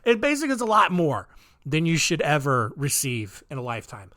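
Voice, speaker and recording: A man's voice: fairly high pitch, wildly swooping pitch, a little fast, bright, forceful tone. A man hosting a solo podcast, telling stories in a rambling, offhand way full of ums and wry asides. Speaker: podcast host. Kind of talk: casual solo podcast storytelling.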